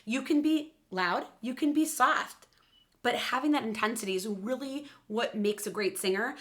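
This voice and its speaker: Bright, upbeat woman vocal coach. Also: a little high, moderate pace. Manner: encouraging, upbeat, talks while playing piano. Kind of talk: instructional vocal lesson.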